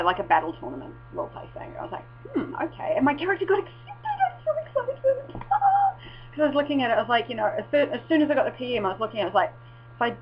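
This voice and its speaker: A young woman vlogging in casual, rambling chat, swearing and breaking into excited exclamations. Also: on the high side. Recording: dull lo-fi with faint mains hum.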